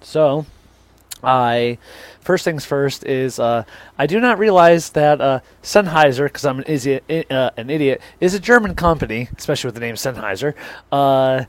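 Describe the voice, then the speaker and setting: A young man chats casually on a podcast, spinning a long anecdote. He pokes fun at himself and acts out each exchange with the other people in the story. His voice sits in an ordinary middle pitch. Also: animated, normal speed, no room sound. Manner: rambling, self-deprecating, acts out both sides of conversations. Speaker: podcast co-host.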